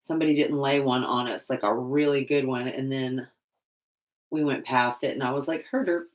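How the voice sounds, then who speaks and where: A woman's voice: extremely low pitch, steady tone, normal speed. A woman vlogger chatting casually while painting, rambling and laughing often.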